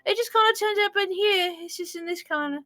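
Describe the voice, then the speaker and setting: A woman's voice: very high voice, brisk, sharp tone, voice pushed up. A woman voicing a cheeky goblin with a Cockney accent, shrugging things off in a dismissive drawl.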